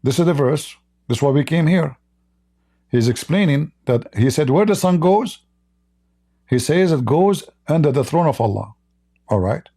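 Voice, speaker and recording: A live stream host comments on a religious debate in a gravelly, dark voice that is giving out, pitched on the high side and animated. He reads quoted passages slowly, then mocks them in his commentary.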